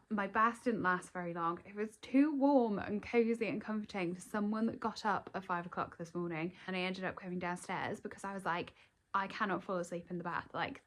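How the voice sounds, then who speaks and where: A woman's voice: mid-range voice, poor audio. Chatty young woman vlogging. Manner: chatty, rambling, lots of um and like. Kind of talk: chatty daily vlog.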